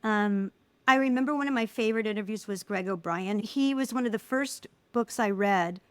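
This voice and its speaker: A middle-aged woman speaking as an interview guest, telling personal stories in an animated way and acting out the voices of people she quotes. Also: mid-range voice, normal speed, clean tone, dry recording. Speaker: guest, filmmaker. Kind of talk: casual interview conversation.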